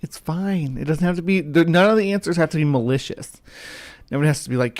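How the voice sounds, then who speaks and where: A man's voice: on the high side, a little fast, darkish tone. A man hosting a live show, arguing casually with a video as it plays. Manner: argumentative, talks back to the clip. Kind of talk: casual live-stream chat.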